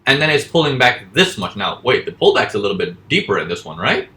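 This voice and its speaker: A man's voice: medium pitch, very animated, sharp tone. A man teaching forex trading in a casual lesson, asking questions and answering them himself. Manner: acts out panicking traders in quick voices. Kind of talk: casual live teaching over charts.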